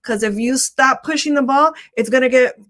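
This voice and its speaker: A woman's voice: high-pitched, moderate pace, a bit bright. A woman hosting a motivational live stream, talking casually and repeating her key phrases for emphasis.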